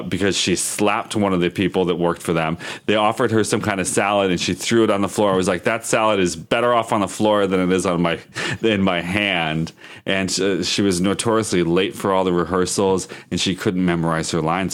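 A man's voice: deep voice, steady tone, brisk, hardly any pauses. A man co-hosting a podcast, telling a celebrity story in a gossipy, casual way. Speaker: podcast co-host.

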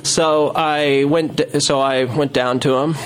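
A man's voice: fairly high pitch, steady tone, slow. A man telling a long story in casual chat, rambling with many fillers and restarts. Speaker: storyteller guest.

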